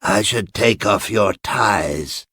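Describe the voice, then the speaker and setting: A stern elderly woman who keeps her captives in order, read by a man in a voice close to his own. She speaks coolly and matter-of-factly, slow and low. The sound is close and dry. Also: bright, forceful tone, husky, no echo, heavily acted. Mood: cold. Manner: coolly advising, businesslike. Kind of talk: audiobook character voice.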